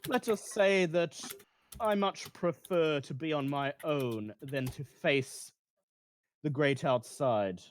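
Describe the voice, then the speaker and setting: A man voicing a pale, malevolent male vampire who speaks in a slow, measured way. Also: a little high. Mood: menacing.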